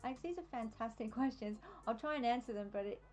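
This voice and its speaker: A woman's voice: a little high, quick pace, darkish tone, faint music behind, low-quality recording. A young adult woman with an Australian accent, chatting casually on a live stream while decorating in a game, easily distracted and laughing often.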